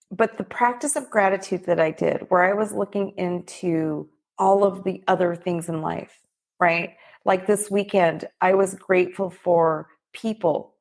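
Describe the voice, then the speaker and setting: A middle-aged woman hosting a podcast, giving a heartfelt motivational talk straight to her listeners. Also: mid-range voice. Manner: heartfelt, preachy, direct address to listeners. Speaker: podcast host and business coach.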